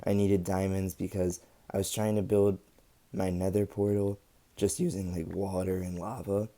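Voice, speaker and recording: Low flat-voiced young man narrating gameplay. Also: normal speed. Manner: relaxed and rambling, with many ums. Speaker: gaming channel host. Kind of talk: casual gameplay commentary.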